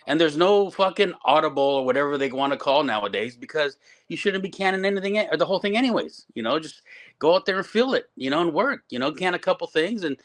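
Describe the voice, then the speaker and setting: Ranting, profane man, pitched a bit high. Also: expressive, quick pace, fairly bright tone. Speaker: wrestling promoter and veteran wrestler. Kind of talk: casual podcast chat.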